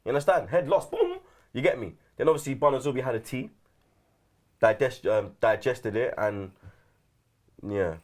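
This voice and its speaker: Slangy man with lively pitch. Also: moderate pace, pauses often. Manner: slangy, tags lines with rhetorical questions. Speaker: regular guest on a fan show. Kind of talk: casual chat.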